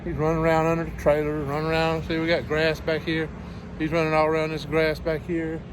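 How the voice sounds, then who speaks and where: A man's voice: a little high, monotone, a little fast, noisy background. A man talking casually to his phone camera as a truck-driving vlogger, chatty and exasperated, laughing often. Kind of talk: casual vlog rant. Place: truck cab and loading dock.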